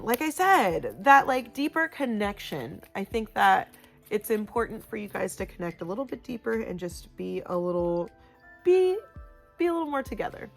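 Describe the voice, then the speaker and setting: A woman at an ordinary middle pitch talks through a casual tarot card reading. She is loud and chatty and fills her sentences with "like" and "you know". Faint music plays underneath. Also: very animated, moderate pace, creaky. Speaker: tarot reader.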